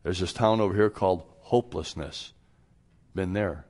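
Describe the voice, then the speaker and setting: A man's voice: low-pitched, normal speed, a little mellow. A man preaching a radio sermon as pastor, down-to-earth and folksy, sometimes acting out both sides of imagined everyday conversations.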